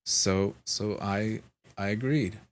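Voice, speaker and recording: A man with a lowish voice tells a long story at an unhurried, drawn-out pace. He sounds sleep-deprived, swears freely and keeps restarting his sentences in casual vlog chat. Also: fairly even intonation. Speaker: vlogger.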